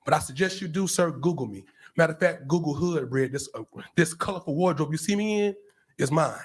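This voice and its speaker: A man's voice: a little high, fairly quick, breathy edge. A man from Florida speaking at a county commission meeting podium in an emphatic public comment, repeating himself and addressing people directly. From Brevard County, Florida.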